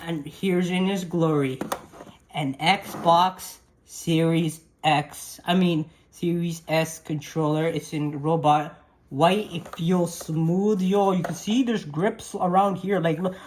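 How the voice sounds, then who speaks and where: A woman vlogging an unboxing at home, talking into a handheld camera in an excited, rambling, slangy way and laughing at herself. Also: on the low side, takes it slowly, a little hiss or hum. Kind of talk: casual unboxing vlog. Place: at home by a desk. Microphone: handheld camera mic.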